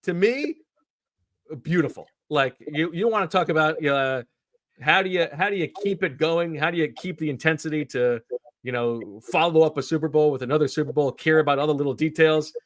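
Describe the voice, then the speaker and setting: A man hosting a sports podcast in casual chat, telling stories in an animated way. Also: a little high, a little fast, dry recording. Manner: animated storyteller.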